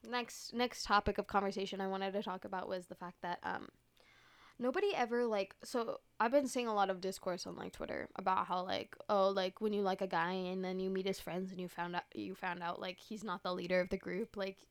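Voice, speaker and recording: A woman's voice: mid-range voice, steady tone, a little fast, clean tone. A young woman hosting a podcast, telling stories in a chatty, casual way, full of "like" and frequent swearing. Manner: chatty, swears often, heavy use of "like". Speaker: podcast host. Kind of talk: casual storytelling monologue.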